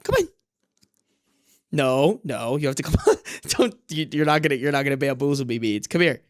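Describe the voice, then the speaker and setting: A male live streamer chats casually from home, his voice leaping up and down in lively swings. He slips into cooing baby talk for his cat and swears freely. The voice sits in the middle of the pitch range, neither high nor low. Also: moderate pace, dry recording, studio quality. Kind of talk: casual livestream chat.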